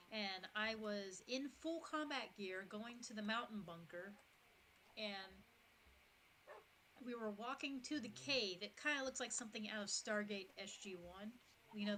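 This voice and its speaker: Bright-voiced chatty woman streamer. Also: medium pitch, slight background noise, rough recording. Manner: animated, chatty, acts out quotes. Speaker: streamer, military veteran. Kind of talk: casual storytelling on a game stream.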